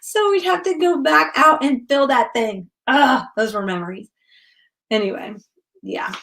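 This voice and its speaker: A woman's voice: sits high, a little slow, a bit bright, slight background noise. A middle-aged woman from Connecticut chatting casually and rambling through memories while she works on a craft journal during a livestream. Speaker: craft vlogger.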